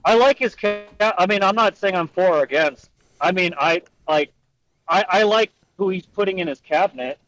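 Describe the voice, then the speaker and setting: A man's voice: sits high, normal speed, a bit bright, poor audio. A young man in casual podcast chat, earnest and hedging, often restarting his sentences. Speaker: podcast co-host.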